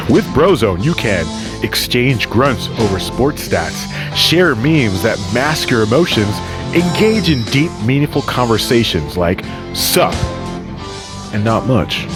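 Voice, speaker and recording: A man voicing a mock-earnest male infomercial announcer in an exaggerated sales-pitch delivery.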